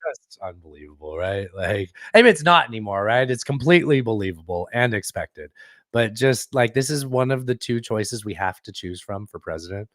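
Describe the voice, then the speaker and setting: A man's voice: fairly low pitch, expressive, moderate pace, a bit bright, no echo, clean studio sound. A man co-hosting a casual political podcast, talking sarcastically and slipping into mocking voices. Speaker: podcast co-host.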